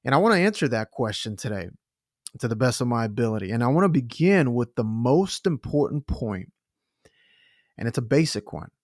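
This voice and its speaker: An earnest man preaches in a podcast sermon and leans hard on his key points. His pace speeds up and slows down as he builds each idea. The sound is dry and close, with no room around it. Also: mid-range voice, animated, no echo. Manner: earnest, emphatic, pace shifts. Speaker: pastor. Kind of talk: sermon-style podcast teaching.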